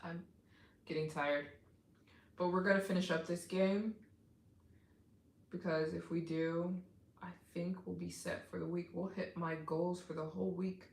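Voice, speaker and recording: A woman's voice: on the low side, flat delivery, a little slow, creaky, long pauses, echoey room. A woman live streaming, chatting casually with viewers and thanking them for donations, tired and yawning.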